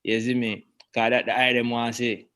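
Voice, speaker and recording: A man's voice: medium pitch, little pitch movement, brisk, a bit bright. A man hosting a casual chat, hesitant and restarting his phrases. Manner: hesitant, many fillers and restarts. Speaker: host.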